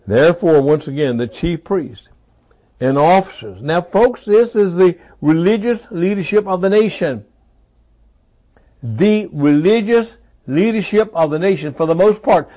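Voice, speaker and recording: A man's voice: high-pitched, animated, unhurried, mellow. A man preaching a sermon, with dramatic delivery and heavy repetition for emphasis.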